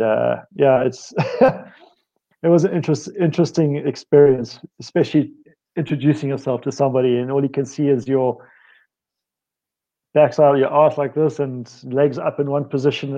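A man's voice: medium pitch, fairly even intonation, moderate pace, warm tone, muffled recording. A man from South Africa telling a story in a casual, rambling way, correcting himself as he goes. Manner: rambling, self-correcting, laughs often. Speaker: guest speaker on stretching. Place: home office.

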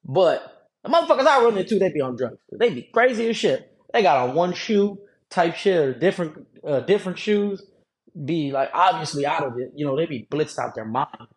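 A man with a slightly higher voice who hosts a podcast and tells a story. He talks in a loose, slangy way, full of profanity, and keeps an animated delivery. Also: moderate pace. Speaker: podcast host. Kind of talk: casual storytelling.

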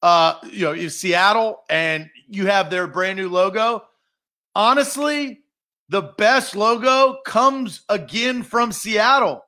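Sports radio guy, high bright voice, fired up and opinionated. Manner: animated, opinionated, rapid bursts. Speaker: sports talk show co-host. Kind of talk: casual sports radio chat.

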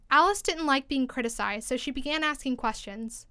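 A woman reading a classic storybook aloud with expressive, lively narration. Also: sits high, normal speed, hardly any pauses, smooth, dry recording, studio quality. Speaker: storybook reader.

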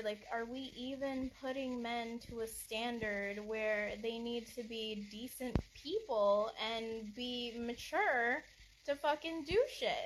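A young woman with a slightly high voice ranting bluntly in a casual monologue, swearing freely and sounding fed up. A faint hiss of background noise sits under her voice. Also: rough recording. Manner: blunt, profane, exasperated. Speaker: podcast host.

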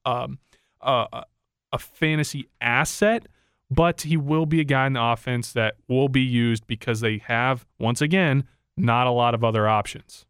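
A man co-hosting a casual sports podcast, talking through his view in halting, restarting sentences. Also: medium pitch, fairly bright tone, clear, resonant tone, no echo, clean studio sound. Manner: halting, restarts mid-thought. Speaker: podcast co-host.

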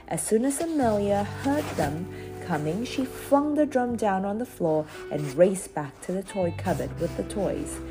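A woman reading a children's storybook aloud in an expressive, lively way. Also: mid-range voice. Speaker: narrator.

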